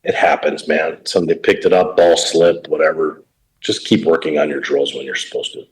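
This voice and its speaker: With a rumbling low voice and fairly even intonation, a middle-aged pro baseball coach talks a little fast as an interview guest. He casually tells plain-spoken coaching stories, and the audio quality is poor.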